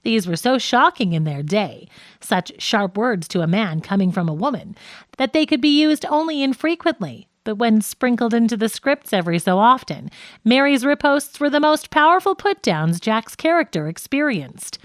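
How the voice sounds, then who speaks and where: A woman reading a nonfiction audiobook with clear, measured narration. Her voice sits a little high and moves with a lively melody. The recording is close and dry. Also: no room sound.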